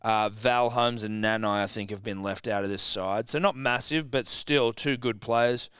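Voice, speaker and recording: A man's voice: lowish voice, normal speed, a bit bright, clean tone, no echo, studio quality. Brash sweary Australian man hosting. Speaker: podcast host. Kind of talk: casual sports betting chat.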